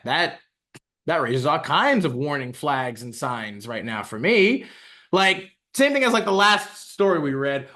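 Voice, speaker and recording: A man's voice: fairly high pitch, bright, forceful tone. A man co-hosting a podcast, ranting casually and profanely, with lots of restarts, as he reacts to a story. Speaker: podcast co-host.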